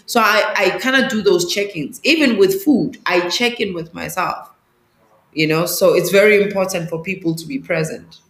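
Animated woman, roomy sound. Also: lowish voice, normal speed. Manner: animated, acts out quoted voices. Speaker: sangoma and spiritual teacher. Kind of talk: interview guest, teaching. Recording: roomy echo.

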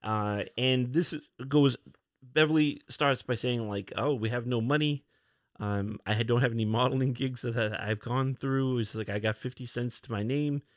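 A man's voice: medium pitch, moderate pace, dry recording. Casual man recapping comics, dry sound. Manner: retells scenes acting out characters' lines, many fillers. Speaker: podcast host.

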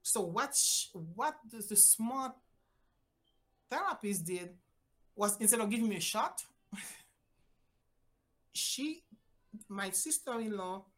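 An older woman from Haiti, a physician guest telling a personal story with lively voiced-out quotes and big swings in pitch. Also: slow, long pauses. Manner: animated, acts out voices with big pitch jumps.

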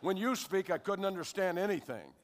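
An older American man giving a lively spoken testimony to a congregation, checking in with his listeners as he tells his story. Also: high-pitched, fairly quick. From United States. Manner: animated storyteller who keeps checking in with the audience. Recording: long hall reverb.

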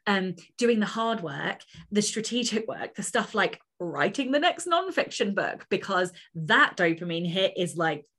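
A woman's voice: fairly low pitch, fairly bright tone. A woman author chatting as an interview guest, enthusiastic and talkative, with plenty of fillers. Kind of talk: casual interview conversation.

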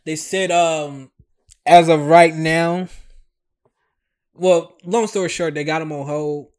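Male co-host, fairly high voice, loose slangy banter, quick to laugh. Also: clean tone. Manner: animated, laughs often, loose slangy talk. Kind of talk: casual chat.

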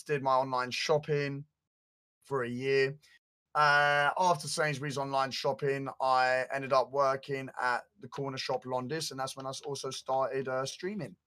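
A man's voice: medium pitch, sharp tone, clear, resonant tone. A young man, chatting and joking casually with his stream co-host. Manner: joking, teasing, rambling.

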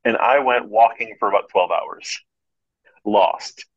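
A man from Michigan telling a story as a podcast guest, animated and laughing, acting out the voices of the people in it. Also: fairly low pitch, measured pace, breathy edge, muffled recording. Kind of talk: casual storytelling.

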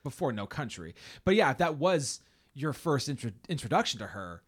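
A man who sounds to be in his thirties co-hosts a relaxed, casual film discussion podcast from a home studio mic, with typing audible nearby. His husky speech is halting, full of stops, restarts, fillers and little laughs, and his pitch swings widely from phrase to phrase.

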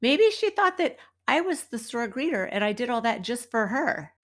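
A woman's voice: a little high, sing-song, moderate pace. A woman from the United States, middle-aged, hosting a podcast and telling an everyday story in a chatty, wry way. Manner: chatty and wry, acts out quoted people. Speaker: podcast host and dance teacher. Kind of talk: casual storytelling monologue.

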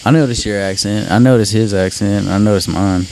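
Man, Central Louisiana drawl, low voice, rambling, emphatic, casual chat, faint hiss. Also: fairly quick, a little mellow, poor audio. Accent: Central Louisiana Southern drawl. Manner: rambling, emphatic, swears freely.

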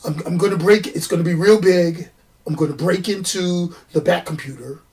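A man's voice: high voice, brisk, darkish tone, breathy edge, far from the mic. A man putting on a boastful, repetitive impression of a famous politician while playing a comic-book villain. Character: blustering Trump-style villain impression.

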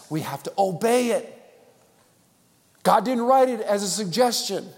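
A man's voice: high-pitched, expressive, unhurried, long pauses. Man preaching in a big reverberant hall. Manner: preaching with call-and-response, swinging between loud and hushed. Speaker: pastor. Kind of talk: sermon.

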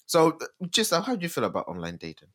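A halting, animated man hosting a podcast. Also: a little high. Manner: halting, repeats words, bursts of loud laughter. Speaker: podcast host. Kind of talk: casual podcast chat.

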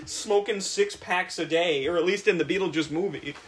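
A young man co-hosting a casual podcast, excitable and swearing often. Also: sits high, moderate pace. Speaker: podcast co-host.

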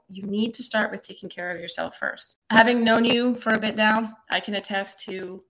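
A woman's voice: mid-range voice, steady tone, moderate pace, hardly any pauses, fairly bright tone. A woman hosting a podcast, introducing her guest with effusive, gushing praise. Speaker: podcast host.

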